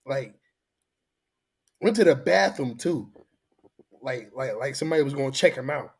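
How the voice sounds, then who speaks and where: A man's voice: medium pitch, animated, moderate pace, vocal fry, breathy edge. Sick man in laughing banter. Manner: laughing, repeats "you know what I mean". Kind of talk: casual banter.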